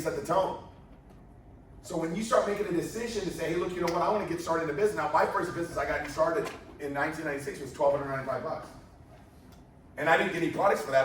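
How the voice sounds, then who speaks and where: With a slightly high voice, a man delivers a motivational sales presentation, firing rhetorical questions at the audience and telling stories with energy. The recording is distant and echoey, with a faint hiss or hum.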